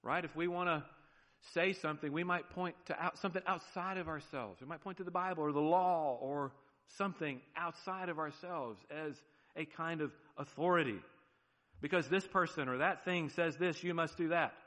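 A man with an American accent, a pastor preaching a sermon with emphatic swings between loud declarations and hushed low phrases, often asking "right?". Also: moderate pace. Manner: asks the congregation "right?" often. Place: church sanctuary. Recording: long church reverb.

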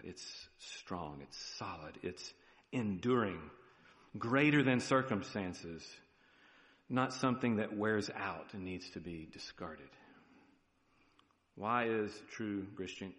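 Low-voiced male pastor preaching in a reverberant church. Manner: lively preaching with rising emphasis and frequent "right?" check-ins. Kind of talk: sermon.

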